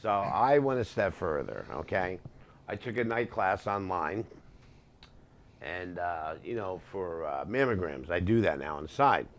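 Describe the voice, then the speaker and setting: A man's voice: deep voice, lively intonation, measured pace. A middle-aged man, a guest comedian, telling road stories in casual chat with punchy joke delivery. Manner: storytelling, punchy joke delivery, quotes people in changed voices.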